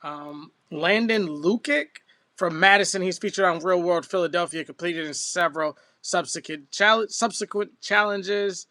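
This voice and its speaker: Bright, high-voiced joking man. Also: normal speed, no room sound. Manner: joking, laughing, loose and teasing. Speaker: podcast co-host. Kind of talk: casual chat.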